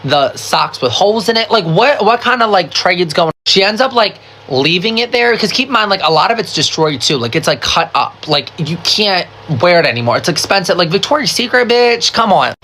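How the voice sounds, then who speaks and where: A woman telling a storytime while getting ready, gossipy and animated, swearing freely and packing every sentence with "like". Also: lowish voice, brisk, hardly any pauses. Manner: animated and profane, full of "like" fillers; gossipy, talks straight to the viewer with "girl" and "baby". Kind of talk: casual get-ready-with-me storytime.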